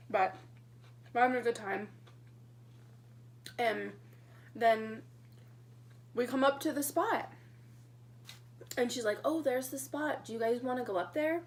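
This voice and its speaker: A young woman telling her engagement story in a casual storytime vlog, chatty and excitable, getting emotional as she talks. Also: mid-range voice, vocal fry, slight background noise. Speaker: vlogger.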